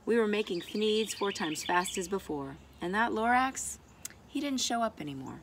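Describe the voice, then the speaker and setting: A woman reading a rhyming picture book aloud in an expressive, rhythmic way. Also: medium pitch, moderate pace, a little hiss or hum. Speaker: storybook reader.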